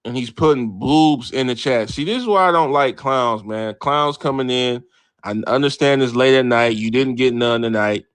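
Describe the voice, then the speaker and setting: This livestream host has a mid-range voice at a moderate pace, recorded with no room sound. Brash and animated, he riffs to his live chat about sports, reading and answering messages and cursing freely.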